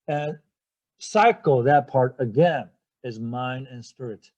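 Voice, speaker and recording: A man's voice: medium pitch, takes it slowly, warm tone. A male English teacher giving a vocabulary lecture. He spells words out letter by letter and keeps checking in with "okay?" and "right?", with frequent hesitations. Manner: hesitant, many fillers and restarts.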